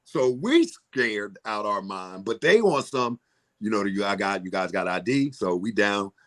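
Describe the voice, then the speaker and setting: Animated man telling a story. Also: fairly low pitch, measured pace. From Philadelphia, USA. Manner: animated storyteller, acts out voices, laughs often. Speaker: comedian guest. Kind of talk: casual storytelling interview.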